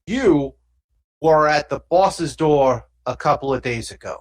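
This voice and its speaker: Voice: medium pitch, animated, unhurried. A game master voicing a pushy alien mobster thug. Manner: streetwise slang, pushy, rambling.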